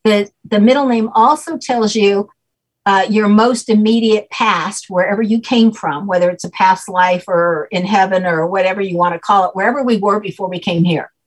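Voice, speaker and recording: A woman with a soft, breathy voice talks through her ideas as an interview guest. She explains at an unhurried, measured pace, with the odd filler. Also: mid-range voice, fairly even intonation, rough recording. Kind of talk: explaining spiritual ideas in conversation.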